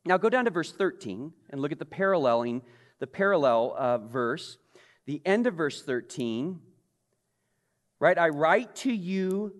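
A man's voice: a little high, big-room sound. A male pastor preaching a conversational sermon, often putting questions to the congregation.

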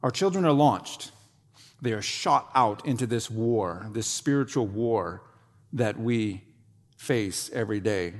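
A male pastor delivering a sermon with deliberate, dramatic pacing. He lets phrases hang and then sinks to a low, hushed tone. His voice rings out with a long reverb, as in a church sanctuary. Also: animated. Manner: dramatic preaching with long pauses and sudden drops to a low quiet voice.

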